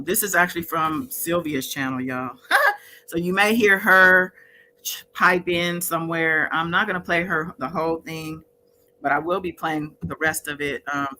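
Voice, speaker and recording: A woman's voice: sits low, bright, forceful tone, a little hiss or hum, low-quality recording. A woman hosting a casual livestream, chatting with viewers in the chat by name. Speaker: livestream host.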